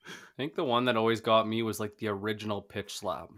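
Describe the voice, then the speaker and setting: A man's voice: on the low side, steady tone, quick pace, fairly bright tone. A man co-hosting a panel talk, chatty and full of "like" fillers.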